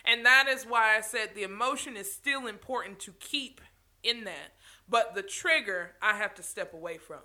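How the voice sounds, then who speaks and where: A woman's voice: mid-range voice, moderate pace, bright, forceful tone. A woman speaking passionately to her viewers in a motivational talk, stopping and restarting phrases and laughing now and then.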